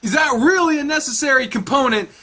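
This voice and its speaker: A man's voice: very high voice, expressive, brisk, bright, forceful tone. Swearing, self-mocking young man. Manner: profane, self-deprecating, joking. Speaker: let's player. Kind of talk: reading a visual novel aloud with commentary.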